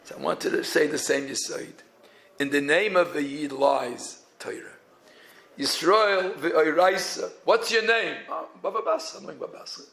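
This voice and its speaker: Gravelly rabbi with a lilt. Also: male voice, a little high, moderate pace, fairly bright tone, poor audio. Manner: mixes Yiddish and Hebrew terms into English, chanting phrases with a tune. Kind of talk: Torah talk.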